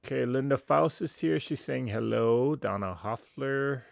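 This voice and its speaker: A man's voice: medium pitch, measured pace, creaky, no echo, clean studio sound. A man hosting a casual livestream, chatty and laughing often as he greets viewers by name. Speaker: livestream host.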